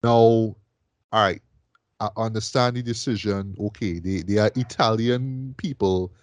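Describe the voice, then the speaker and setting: A man's voice: fairly low pitch, unhurried, dry recording. A man co-hosting a casual film chat, talking loosely with many restarts and filler words. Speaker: film podcast co-host.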